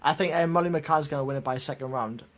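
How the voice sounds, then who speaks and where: A man's voice: on the high side, quick pace. Male co-host, chill, short answers, sounds like a remote call. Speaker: podcast co-host. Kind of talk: casual chat.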